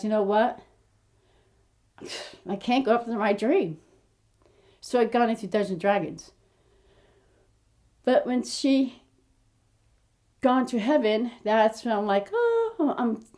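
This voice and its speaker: A woman's voice: medium pitch, mellow. An American woman of fifty chatting to camera about her acting journey, telling her story in a rambling, quirky way full of restarts. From United States. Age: 50s. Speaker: aspiring actress and vlogger. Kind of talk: casual chat to camera.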